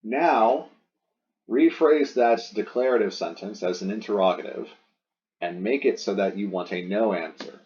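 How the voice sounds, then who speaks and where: A man's voice: fairly low pitch, lively intonation, moderate pace, a little mellow, muffled recording. A man teaching a Latin lesson, patiently explaining each exercise sentence and rephrasing the questions. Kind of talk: recorded lesson walking through exercise sentences.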